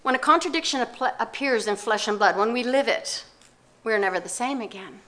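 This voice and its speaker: A woman's voice: fairly high pitch, a bit bright. Older woman telling a reflective story. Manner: reflective, measured, with pauses and restarts. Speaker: speaker giving a talk. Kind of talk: personal storytelling talk.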